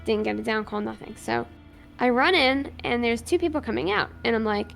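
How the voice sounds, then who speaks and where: A woman's voice: on the high side, a little fast, gravelly, a bit bright, soft background music. A woman streamer playing a police officer in a roleplay, animatedly recounting events and acting out both sides of the dialogue. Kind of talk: in-character roleplay storytelling.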